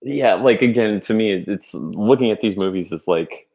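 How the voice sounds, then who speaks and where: This young adult podcast co-host chats loosely, restarting often and leaning on fillers. His voice sits lowish and a little mellow, moving at a normal speed.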